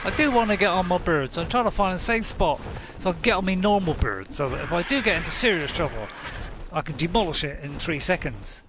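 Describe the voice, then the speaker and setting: A man streaming a video game, chatting casually, excitable and laughing often as he talks to himself. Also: high-pitched. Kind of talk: casual gameplay commentary.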